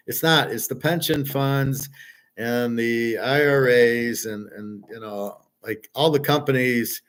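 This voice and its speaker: A man's voice: medium pitch, slow pace, fairly bright tone. A middle-aged man giving casual, rambling commentary over a played video, blunt and joking.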